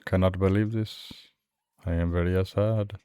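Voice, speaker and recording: A man's voice: sits low, fairly even intonation, unhurried, warm tone, smooth. A man streaming a game and telling a long rambling story in casual chat, acting out his own reactions.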